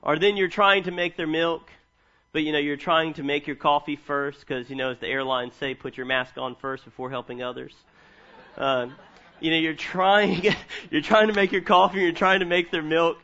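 Here the pastor's voice sits fairly high and moves at normal speed, captured on dull audio. A man in his thirties, he preaches, quotes scripture, and tells comic family anecdotes with animated flair.

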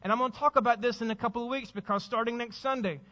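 Male pastor giving an urgent sermon, high voice, muffled, echoing sanctuary sound. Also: steady tone, very fast, bright, forceful tone. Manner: urgent, exhorting preacher with rhetorical questions.

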